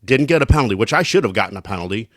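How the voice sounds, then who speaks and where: A man's voice: fairly low pitch, rapid-fire, no room sound, studio quality. Laid-back man telling a rowdy story. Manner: animated, acts out quotes, swears freely. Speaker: podcast co-host. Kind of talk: casual storytelling chat.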